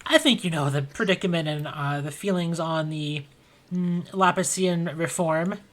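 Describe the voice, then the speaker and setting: A woman game master voicing a hesitant man who asks a favor with halting speech. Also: fairly low pitch, natural voice. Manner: halting, with fillers.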